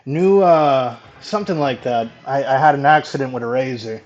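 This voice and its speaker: A man's voice: medium pitch, moderate pace, darkish tone. A man streaming a video game live, chatting casually with viewers, swearing now and then and laughing easily. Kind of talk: casual live gameplay chat. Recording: dull lo-fi mic with faint music.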